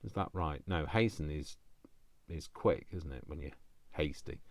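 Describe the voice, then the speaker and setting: A middle-aged British man chatting casually while opening mail, rambling and excitable, prone to over-explaining. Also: rumbling low, unhurried, vocal fry. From United Kingdom. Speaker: crafting vlogger.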